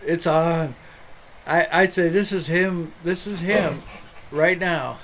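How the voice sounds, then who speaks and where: A man's voice: a little high, slow pace, fairly bright tone, a little hiss or hum, poor audio. Chatty middle-aged man, rambling. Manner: rambling, chatty storytelling with many restarts. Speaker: pastor hosting an online show. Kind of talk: casual chat on a livestream.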